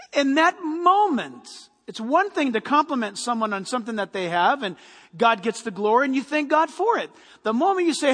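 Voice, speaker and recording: A man preaching a sermon as a pastor, animated and full of rhetorical questions. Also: very high voice, moderate pace, long reverb tail.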